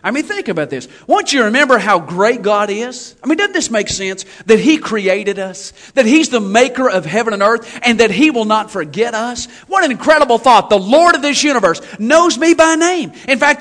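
A man preaching a sermon in a church, folksy and animated, with humorous asides and shouted emphasis. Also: very high-pitched, moderate pace, few pauses.

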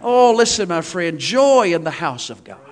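A man preaching a sermon in a church, folksy and animated, with humorous asides and shouted emphasis. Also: high voice, moderate pace.

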